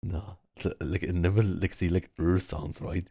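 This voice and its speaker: A man with a German accent and a very deep, gravelly voice chats casually over a headset. His mellow, slightly husky tone sounds dry and close. He rambles with loads of fillers and tries out words aloud. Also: steady tone, normal speed, no room sound. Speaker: VR social game player. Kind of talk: casual chat. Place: online virtual world, speaking from home.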